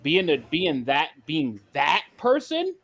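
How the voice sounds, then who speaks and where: A man with a slightly raised pitch co-hosts a podcast in loose, casual chat. He talks emphatically, curses freely and often stops to restart a sentence. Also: huge pitch swings, fairly bright tone. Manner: emphatic, profane, halting restarts. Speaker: podcast co-host.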